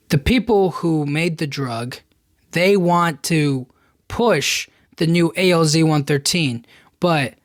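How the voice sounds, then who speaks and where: In clean studio sound with no room noise, a man with a fairly high voice hosts a podcast and retells a movie's plot. It's a loose, filler-heavy, meandering recap dotted with "you know what I mean."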